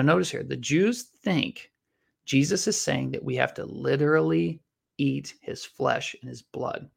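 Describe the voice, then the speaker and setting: Gravelly-voiced man teaching scripture. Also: mid-range voice, a bit bright. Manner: earnest, reads scripture aloud slowly, shifts pace often. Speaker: Bible teacher. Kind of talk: teaching a Bible study.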